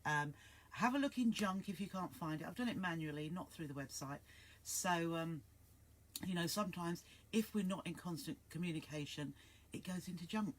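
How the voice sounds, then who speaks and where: A woman's voice: on the low side, moderate pace. A woman hosts a live sewing stream from home. She chats casually and rambles, stopping to greet viewers by name. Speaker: sewing livestream host. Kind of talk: casual livestream chat.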